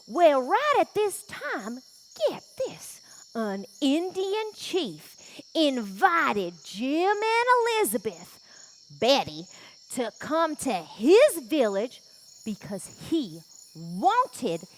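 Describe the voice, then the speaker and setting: A woman playing a bubbly, excitable lady with a pet snake, telling a story at a children's camp in a gushing, folksy way. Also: high-pitched, very slow, exaggerated voice. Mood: storytelling. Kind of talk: children's ministry skit storytelling.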